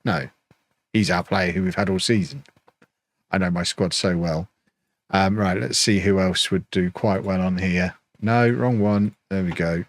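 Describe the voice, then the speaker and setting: A man's voice: low voice, unhurried, dry recording. A man live-streaming a football management game, chatting and thinking aloud with mock indignation.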